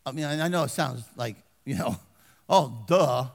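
An older man preaching a folksy sermon as pastor, swinging from loud exhortation to hushed asides and calling for amens. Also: mid-range voice, expressive, normal speed, vocal fry. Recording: long reverb of a large hall.

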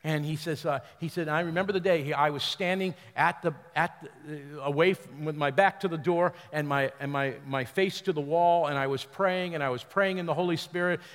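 Pastor preaching in a reverberant hall. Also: male voice, fairly high pitch. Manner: retells a story with quoted voices, then leads the congregation in loud declarations. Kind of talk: sermon. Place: large church hall.

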